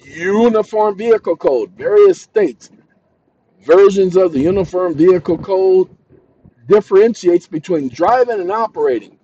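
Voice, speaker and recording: High-voiced ranting man, lo-fi sound. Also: expressive, unhurried. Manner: reads text aloud, then shouts insults at an AI assistant. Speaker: channel host. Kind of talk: ranting commentary on legal terms.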